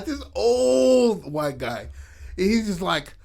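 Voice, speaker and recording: Laughing man telling a story, higher voice. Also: a little slow, vocal fry. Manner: laughing, animated storytelling with acted-out quotes. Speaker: podcast co-host. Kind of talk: casual chat.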